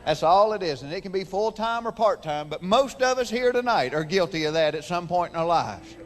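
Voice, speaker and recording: High-voiced Southern man doing stand-up. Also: animated, fairly quick, long reverb tail. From Georgia, US. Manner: folksy storytelling with voices. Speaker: stand-up comedian. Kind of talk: stand-up comedy routine. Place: large theater stage before an audience.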